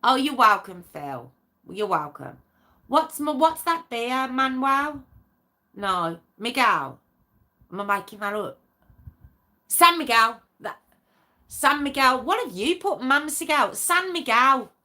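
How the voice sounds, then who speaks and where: Young woman livestream host, crisp bright tone, chatty and playful with her commenters. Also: fairly high pitch, sing-song, slow, pauses often. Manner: chatty, laughing, reads out viewer comments. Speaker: true crime livestream host. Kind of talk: casual live chat with viewers.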